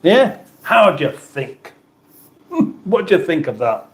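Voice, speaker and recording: A man's voice: a little high, big pitch swings, slow pace. A middle-aged man from the UK hosting a casual livestream, chatting and rambling through viewer comments with restarts and banter. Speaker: livestream host. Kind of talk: casual live chat reading viewer comments.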